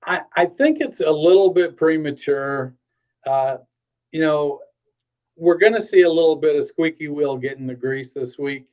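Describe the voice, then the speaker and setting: A man's voice: a little high, moderate pace, darkish tone, poor audio. Male guest analyst, blunt, salty, laid-back. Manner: blunt, salty and joking, with many fillers. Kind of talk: casual sports chat.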